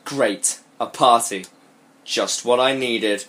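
A man reads cheesy fan fiction aloud for laughs, hamming up the drama and breaking off into giggles and swearing. His voice sits a little high and swings widely in pitch, lively and animated throughout. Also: normal speed, noisy background. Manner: sweary, giggly, mock-melodramatic. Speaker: podcast co-host reading fan fiction aloud. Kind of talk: comic dramatic reading with commentary.

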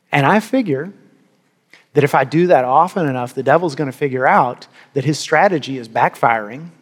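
A man preaching a sermon as a pastor, earnest and emphatic, often repeating words for stress. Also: a little high. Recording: long hall reverb.

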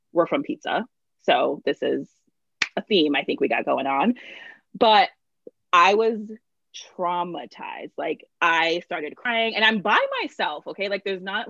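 Young woman, chatty storyteller, full of fillers, slightly low voice, dry muffled sound. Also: fairly bright tone, dry recording. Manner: chatty, lots of "like" and restarts, laughs through stories. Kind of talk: casual storytelling chat.

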